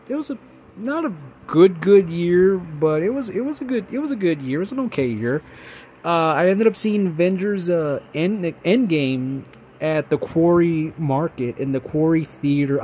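A young man talks in a casual, rambling way as a host. He is an excited fan who fills his talk with many fillers and restarts. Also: a little high, slight background noise. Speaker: podcast host.

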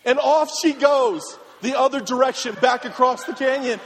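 A male pastor telling a funny personal story in a sermon, animated and laughing, then turning earnest. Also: extremely high pitch, moderate pace. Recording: reverberant hall with faint ambience.

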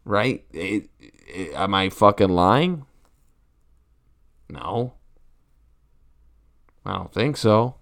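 A man doing a crude stand-up rant, his pitch swinging lively from line to line. He rambles, swears constantly and keeps tossing out rhetorical asides to the crowd. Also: drawn-out words, creaky, pauses often. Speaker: comedian.

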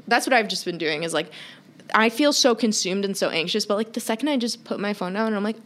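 A woman's voice: medium pitch, brisk, fairly bright tone. A young woman co-hosts a casual podcast chat. She tells her stories animatedly, swears freely and acts out the quotes in them. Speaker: podcast co-host.

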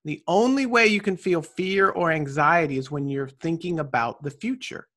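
A man speaking as an interview guest, giving motivational advice in an energetic, preachy way with frequent "right?" tags. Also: fairly high pitch, moderate pace. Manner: energetic, preachy, tag questions. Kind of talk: motivational conversation.

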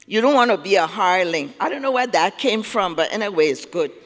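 A man's voice: high-pitched, expressive, brisk, fairly bright tone. A man preaching a sermon, emphatic, repeating key words and calling on listeners to say them back. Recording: long reverb of a large hall.

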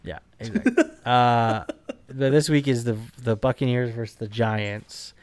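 A man's voice: mid-range voice, measured pace, smooth, dry recording. Laid-back man in dry sports chat. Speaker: podcast co-host. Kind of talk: casual sports betting chat.

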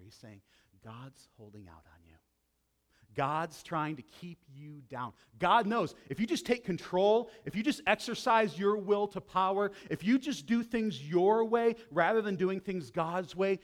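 A man preaching a sermon as a pastor, with dramatic swings between loud emphasis and hushed intensity. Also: fairly high pitch.

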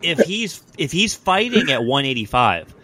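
A young man hosting a podcast, chatting casually about fights in a loose, profane, animated way. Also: a little high, moderate pace, a loud crowd. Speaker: podcast host. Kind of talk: casual sports chat.

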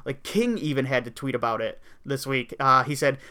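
A man's voice: medium pitch, animated, moderate pace, pushed and bright, smooth. A man hosting a podcast, chatting casually and wryly complaining, with lots of fillers. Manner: rambling, wry complaining with frequent fillers. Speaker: podcast host. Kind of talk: casual opinion chat.

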